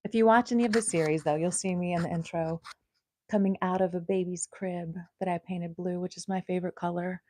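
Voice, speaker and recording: A young woman hosting a casual home livestream, chatting playfully and drifting into soft murmurs, recorded on a small clip-on mic. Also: fairly low pitch, fairly even intonation, fairly quick, dry recording. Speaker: host.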